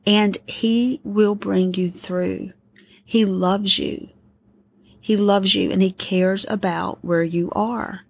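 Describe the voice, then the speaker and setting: A middle-aged woman hosting a podcast, giving an earnest, gently pleading devotional talk of encouragement. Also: mid-range voice, steady tone, takes it slowly, gravelly, breathy edge, dry recording. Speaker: podcast host.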